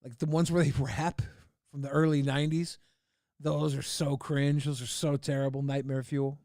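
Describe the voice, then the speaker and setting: A man talks loosely and profanely to his stream audience, laughing at the clips he's watching. His voice sits a bit high, and it's recorded dry and close with no room around it. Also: little pitch movement, normal speed, a little mellow, no room sound. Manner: crude, laughing, puts on silly voices. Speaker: livestream host reacting to videos. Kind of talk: casual profane chat.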